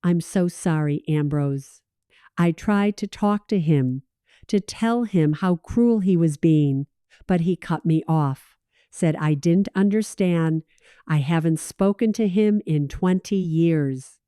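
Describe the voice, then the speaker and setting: Remorseful aunt read by a woman, slow and soft, smooth low-ish voice, storybook narration. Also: no echo, clean studio sound. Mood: somber. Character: remorseful older aunt confiding family secrets.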